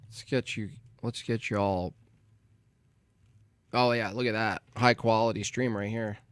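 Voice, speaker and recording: A man's voice: lowish voice, fairly even intonation, measured pace, smooth, no room sound. A Canadian man hosting a livestream, chatting casually and joking with his viewers while he fixes his stream setup. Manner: rambling, joking, talking to chat while fixing his stream. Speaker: livestream host.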